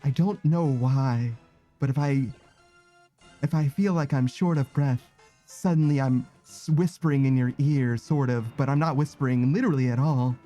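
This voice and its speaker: A man's voice: medium pitch, normal speed, warm tone, faint music behind. A man casually chatting with viewers while he plays a game, rambling, self-conscious and laughing often. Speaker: streamer.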